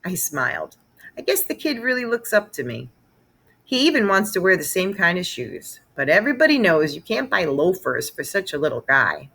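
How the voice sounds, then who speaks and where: A woman reading a children's novel aloud, expressive and storytelling. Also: lowish voice, moderate pace, creaky, husky. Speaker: read-aloud narrator.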